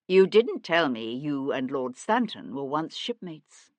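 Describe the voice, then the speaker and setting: A woman narrator voicing a sharp male nobleman detective who questions in a cool, needling way. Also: deep voice, big pitch swings, measured pace, dry recording. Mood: probing.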